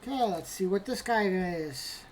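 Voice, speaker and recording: A woman's voice: medium pitch, lively intonation, measured pace, a little hiss or hum. A woman casually narrating as she opens graded trading cards, talking to herself and lamenting bad results with mock drama. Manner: talks to herself while handling cards. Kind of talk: casual unboxing commentary.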